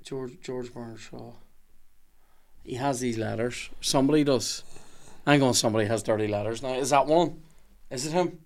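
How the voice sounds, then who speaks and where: A man chatting casually on a podcast, halting as he hunts for names, reading aloud and breaking into laughter. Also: mid-range voice, a little mellow. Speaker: podcast co-host.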